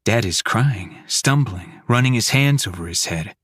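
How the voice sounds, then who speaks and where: A man narrating a first-person horror audiobook in clipped, fragmented, hushed sentences. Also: fairly low pitch, lively intonation, measured pace, hardly any pauses, husky, no room sound, studio quality.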